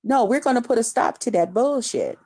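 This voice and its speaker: A woman's voice: on the high side, sing-song, brisk, mellow. A woman hosting a casual live stream, talking loosely and profanely to her viewers and greeting them by name. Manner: laughs often while greeting viewers. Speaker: livestream host reading her chat. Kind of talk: casual unscripted live chat.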